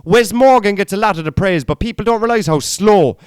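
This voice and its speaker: A man talking through a casual podcast monologue in a fairly high, smooth, resonant voice. He is blunt and opinionated, swears without a second thought, and rambles with restarts. The sound is dry and close. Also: fairly quick, no room sound. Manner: rambling, with frequent fillers and restarts. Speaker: podcast host.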